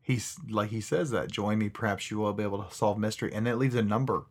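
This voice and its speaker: A man's voice: on the low side, fast talker. A man co-hosting a casual paranormal podcast, rambling with restarts and frequent laughter. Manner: rambling, laughs often, trails off. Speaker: podcast co-host. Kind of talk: casual chat.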